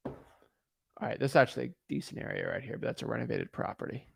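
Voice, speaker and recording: A man who wholesales real estate, talking casually between cold calls in an animated rant and stumbling over repeated words when he gets worked up. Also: medium pitch, quick pace, creaky, a little hiss or hum.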